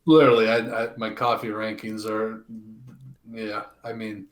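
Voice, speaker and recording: Low-voiced man in a roomy echo. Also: level tone, normal speed. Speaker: podcast co-host. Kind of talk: casual chat.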